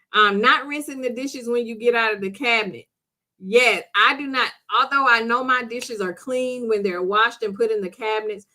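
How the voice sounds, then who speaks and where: A middle-aged woman hosts a relaxed live chat. She reads out viewer comments and answers each one directly. Her voice is bright and forward, with frequent laughter. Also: mid-range voice. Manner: chatty, laughs often, talks back to commenters. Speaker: livestream host reading viewer comments. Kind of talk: casual chat.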